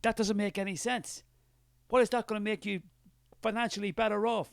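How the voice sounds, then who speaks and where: A man's voice: high voice, steady tone, fairly quick, vocal fry, no echo, clean studio sound. An Irish man doing a scornful penny-pinching skeptic. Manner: scornful, defensive, dismissive. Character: suspicious, money-minded male skeptic, scornful and defensive. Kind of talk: comic character sketch.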